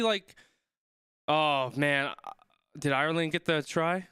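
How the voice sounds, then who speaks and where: A man's voice: a little high, unhurried, bright, forceful tone, clear, resonant tone, no room sound, clean studio sound. A young man watching a rugby match live and chatting along, reading viewers' comments and thinking aloud, often trailing off mid-sentence. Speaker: streamer reacting to a rugby match.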